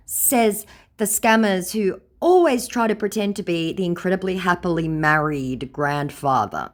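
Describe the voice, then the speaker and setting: A woman's voice: fairly low pitch, sing-song, measured pace. A woman reading out chat messages in casual commentary, sarcastic and blunt. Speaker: scam baiter.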